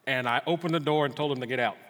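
A middle-aged pastor preaching in a church, his voice carrying a long hall reverb. He is earnest and storytelling, often restarting his words, and his pitch sits in an ordinary male range. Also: rapid-fire, a bit bright. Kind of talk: sermon with personal story. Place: church sanctuary.

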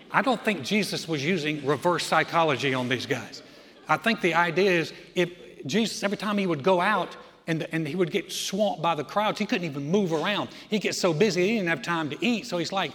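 A man preaching a sermon, telling the story with animated voices for the people in it. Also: a little high, brisk, big-room sound. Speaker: pastor.

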